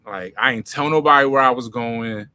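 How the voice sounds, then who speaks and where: A man, telling slangy, animated stories as a comedy creator in a casual Q&A. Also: medium pitch, moderate pace, clear, resonant tone. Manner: animated, slangy, swings loud and soft. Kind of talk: casual storytelling Q&A.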